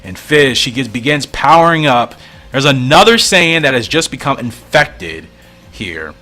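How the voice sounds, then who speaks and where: A man casually talking his way through a comic, musing and thinking aloud as he goes. His mid-pitched voice rises and falls in lively swings and often trails low. Faint music plays behind him. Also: a little slow. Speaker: comic reader and commentator.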